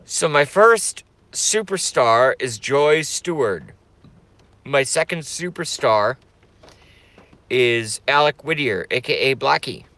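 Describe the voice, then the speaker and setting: A man's voice: mid-range voice, animated, slow pace, pushed and bright. A middle-aged man live streaming, rambling brashly in a crude, stop-start way to his chat. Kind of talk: casual live-stream rant.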